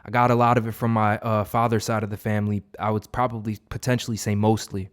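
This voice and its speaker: A man's voice: on the low side, level tone, quick pace, smooth. A young man giving an unscripted, profane motivational monologue as a vlogger, rambling with many fillers and restarts.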